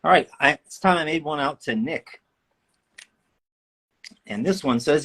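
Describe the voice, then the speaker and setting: A man's voice: on the high side, lively intonation, unhurried, long pauses, a bit bright, breathy edge. A man, a voice actor, chats in a playful, joking way with fans while signing autographs on a livestream. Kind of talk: casual livestream chat. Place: indoor room.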